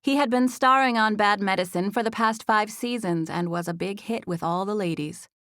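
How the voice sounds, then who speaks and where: A woman narrating a first-person romance audiobook in an even storytelling voice, recorded in a studio. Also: medium pitch, normal speed, no echo.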